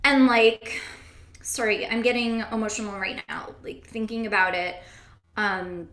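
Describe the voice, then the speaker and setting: A woman's voice: medium pitch, fairly even intonation, moderate pace, bright, forceful tone, reverberant. A woman improvising a rambling comedy monologue, full of "um" and "like". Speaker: improv performer.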